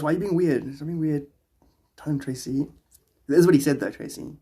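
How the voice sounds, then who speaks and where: South African male streamer, husky and rough-edged, casual and rambling, reads chat aloud. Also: on the high side, brisk, mellow. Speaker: livestreamer.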